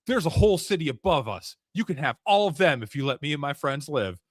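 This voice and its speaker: Bold little kid talking his way out of trouble , as a guy puts him on, voice pushed up high. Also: brisk, no echo. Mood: scheming. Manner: excited, high and shouting. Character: bold twelve-year-old boy player, quick-witted.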